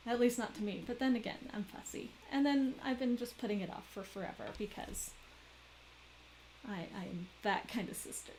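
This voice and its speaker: A woman's voice: fairly high pitch, moderate pace, a little mellow, slight background noise, low-quality recording. A woman chatting in a rambling, giggly way during a crafting live stream. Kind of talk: casual chat while weaving.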